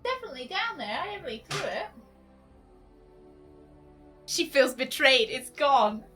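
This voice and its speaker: A woman streaming a game from home, chatting casually, laughing often and switching into a high baby voice for her dog. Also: big pitch swings, normal speed, a bit bright, soft background music. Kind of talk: casual live-stream chat.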